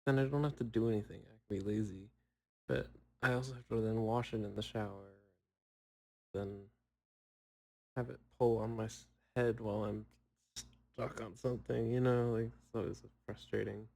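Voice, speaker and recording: A young man in casual solo chat, rambling and poking fun at himself with long pauses. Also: lowish voice, steady tone, creaky, dark tone, low-quality recording. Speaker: podcaster.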